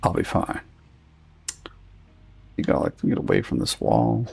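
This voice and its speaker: A man's voice: unhurried, a little mellow. A man streaming a game, thinking aloud in casual, rambling commentary and saying he is losing his voice. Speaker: gaming streamer.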